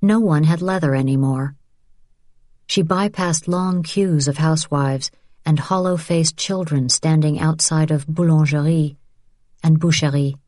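A woman with a low voice reads an audiobook as its narrator, delivering scripted narration in a measured, steady storytelling manner. The recording is dry with clean studio sound.

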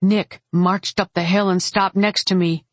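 A woman narrating a first-person fantasy audiobook in a steady, wry manner. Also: medium pitch, measured pace, no echo.

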